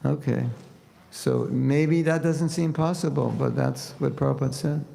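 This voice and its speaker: Gravelly-voiced man preaching in a hall. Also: mid-range voice, unhurried. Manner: conversational, animated when quoting prayers. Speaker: spiritual teacher. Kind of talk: sermon with humor. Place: temple hall. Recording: reverberant hall with faint noise.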